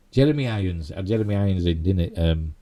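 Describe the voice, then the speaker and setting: A low-pitched, mellow middle-aged man with a Yorkshire accent, from Yorkshire, England, hosts a casual YouTube live stream. He rambles chattily and throws in self-mocking asides.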